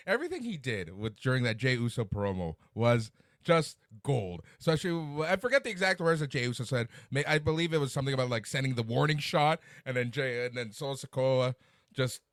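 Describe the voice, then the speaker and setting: A man co-hosting a podcast in casual wrestling chat, lively and steering the talk with questions. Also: medium pitch, brisk, dry recording, clean studio sound. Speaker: podcast co-host.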